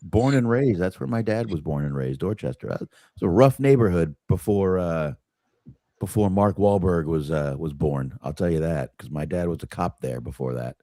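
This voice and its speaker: Deep, animated man on a movie podcast. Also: normal speed, dry recording, studio quality. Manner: animated, swears often, frequent restarts. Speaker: podcast co-host. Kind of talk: casual movie review chat.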